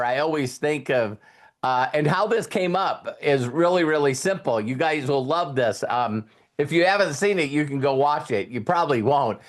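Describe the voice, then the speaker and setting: A man hosting a live online mentoring session, telling stories in a chatty way and speaking straight to his audience. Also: a little high. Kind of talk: casual motivational talk.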